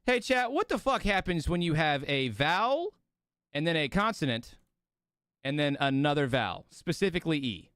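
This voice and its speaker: A man's voice: fairly high pitch, normal speed, clean tone, dry recording, clean studio sound. A young man hosting a live stream, chatting casually and ranting with lots of swearing while sleepy and yawning. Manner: profane, ranting, animated storytelling. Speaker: streamer hosting a watch party.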